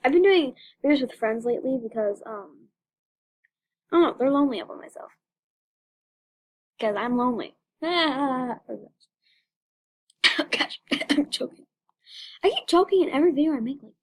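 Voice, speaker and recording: High-voiced girl doing excited gameplay chatter. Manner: chatty, dramatic, repeats phrases. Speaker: gaming channel host. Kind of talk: casual gameplay commentary.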